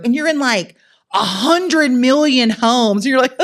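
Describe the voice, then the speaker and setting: A woman guest on a podcast interview, telling lively, jokey stories and poking fun at herself. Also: fairly high pitch, normal speed. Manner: lively, jokey, self-mocking, acts out quotes. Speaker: entrepreneur guest. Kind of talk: animated storytelling in a podcast interview.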